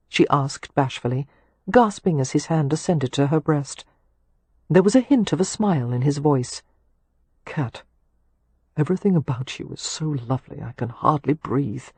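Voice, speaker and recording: A woman narrating a romance audiobook in a measured, intimate way, close to a studio mic. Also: low voice, a little mellow, husky, dry recording.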